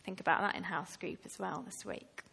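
A woman preaching a sermon to her church, slow and deliberate, rising to emphatic passages. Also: on the low side, steady tone, gravelly, pushed and bright, husky. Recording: long reverb of a hall.

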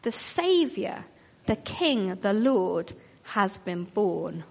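Unhurried woman preaching in a reverberant hall. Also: medium pitch, big pitch swings, gravelly. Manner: earnest, questioning, storytelling delivery. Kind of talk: sermon. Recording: long reverb of a large hall.

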